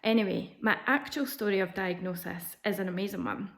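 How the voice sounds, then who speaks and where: A woman's voice: medium pitch, fairly quick. A woman vlogging, telling a personal story in a candid, chatty way with frequent ums and restarts. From Scotland.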